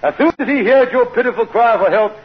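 A man playing a scheming, smooth-talking con man in a 1940s radio sitcom, wheedling and flowery with grammar slips. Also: very high voice, fairly quick, dull audio. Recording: hissy old radio recording.

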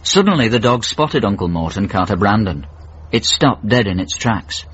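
A man narrating a radio comedy story in a dry, measured way. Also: on the low side, animated, a bit bright, husky. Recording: dull old radio broadcast.

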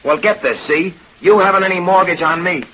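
A man's voice: sits high, fairly quick, pushed and bright, husky, full character voice. A man playing a brash young vaudeville dancer who talks in blustering, ungrammatical slang, in 1930s radio acting. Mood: angry. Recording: lo-fi old radio recording with faint hiss.

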